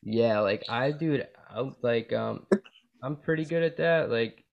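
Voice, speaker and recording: A young man hosting a podcast in loose casual chat, crude and rambling, calling his guest bro and dude. His voice sits at a middling pitch for a man, and he jumps from one joke to the next. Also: unhurried, creaky, highs cut off. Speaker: podcast host.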